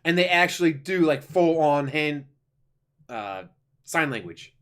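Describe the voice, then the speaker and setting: A man giving a casual, rambling review of an animated series, enthusiastic, with lots of fillers and restarts. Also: a little high, a little slow, clean tone. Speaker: YouTuber reviewing an animated show.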